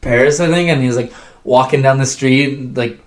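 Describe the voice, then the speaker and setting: A man's voice: medium pitch, normal speed, roomy sound. Rambling man in casual chat. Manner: rambling, lots of "like", laughs while telling stories. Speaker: guest.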